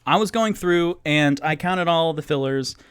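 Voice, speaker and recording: A young North Carolina man with a light Southern accent hosts a podcast, chatting casually and a bit tipsy to his audience. He rambles, interrupts himself, and jokes in a clear, resonant, slightly bright voice that sits on the high side and moves unhurriedly. The studio sound is clean, with no room sound.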